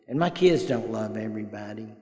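A man's voice: fairly low pitch, animated, a little fast, warm tone. Older man, folksy storyteller, recovery meeting share, echoey room, long hall reverb. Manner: folksy storyteller, acts out quoted dialogue. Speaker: AA meeting speaker.

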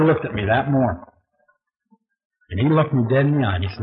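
A man's voice: medium pitch, lively intonation, fairly quick, long pauses. A man giving a personal testimony at a recovery meeting, folksy and storytelling, often chuckling and saying "you know.". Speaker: speaker sharing his recovery story at a meeting. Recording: dull lo-fi tape recording.

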